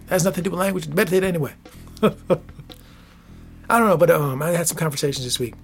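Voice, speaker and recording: A man's voice: mid-range voice, gravelly. A man in his forties hosting a solo podcast, musing casually and thinking aloud, often tossing in "right?" and "I don't know.". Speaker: podcast host.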